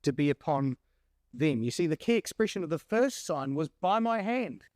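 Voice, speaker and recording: A male preacher giving a sermon, animated and full of rhetorical questions. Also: a little high, normal speed, no room sound, clean studio sound.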